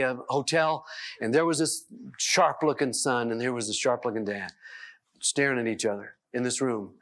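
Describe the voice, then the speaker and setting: A man telling stories in a self-help talk, animated and chuckling as he voices the people in them. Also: mid-range voice. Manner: chuckles between sentences. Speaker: seminar speaker.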